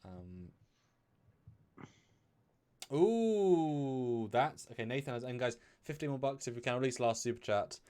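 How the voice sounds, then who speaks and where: A man's voice: mid-range voice, brisk, few pauses. A man co-hosting a live review stream, talking casually with lots of fillers and restarts and now and then asking viewers for donations. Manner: chatty, loose, many fillers and restarts, pleads for donations.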